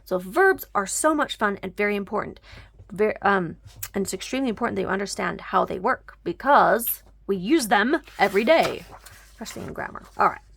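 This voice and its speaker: Woman teaching grammar, gravelly edge to her voice, patient step-by-step explanations, some words dropped almost to a whisper. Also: medium pitch, expressive, brisk, a bit bright. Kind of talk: homeschool grammar lesson.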